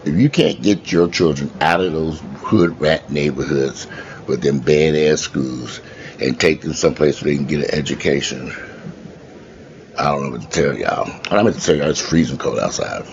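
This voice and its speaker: A man with an extremely deep, low voice rants bluntly and with plenty of cussing, rambling to his viewers from home. The sound is a bit dull and lo-fi, with a faint hiss of noise behind him. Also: moderate pace. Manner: blunt, profane, ranting. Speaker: vlogger. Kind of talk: rambling casual monologue to viewers. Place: at home indoors.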